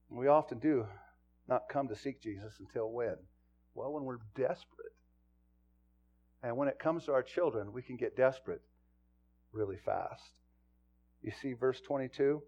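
A man who is a pastor and police chaplain, preaching a sermon that swings from quiet and low to loud and emphatic. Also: muffled recording.

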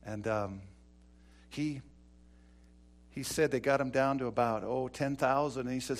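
A middle-aged man preaching a sermon, telling stories and acting out dialogue, swinging between loud bursts and quiet stretches. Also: medium pitch, a little slow, long pauses. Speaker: pastor.

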